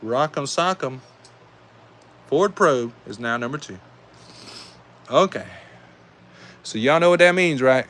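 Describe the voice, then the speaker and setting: A man with a Southern US accent calling live die-cast car races, excitable and saying y'all, reading out times as each heat ends. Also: mid-range voice, slow pace, pauses often, slight background noise. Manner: excitable, calls out race times, says y'all. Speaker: die-cast race host and commentator. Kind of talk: live race commentary.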